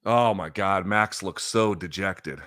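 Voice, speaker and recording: A man hosting a live fight watchalong, going from loud excited outbursts to quiet, emotional reflection, with plenty of swearing. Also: deep voice, slow. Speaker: host. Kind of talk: live fight reaction commentary.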